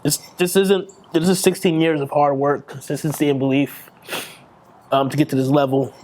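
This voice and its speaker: A somewhat higher-voiced man in his thirties speaks in a candid, heartfelt interview. He talks earnestly and emotionally, drops casual swear words, and often stops and restarts his sentences. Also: flat delivery, normal speed, a little mellow. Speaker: bodybuilding champion interviewee. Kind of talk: candid post-victory interview.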